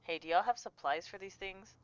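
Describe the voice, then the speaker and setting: A woman's voice: mid-range voice, a little fast, smooth, muffled recording. A woman playing a tabletop game, chatting casually and upbeat. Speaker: player.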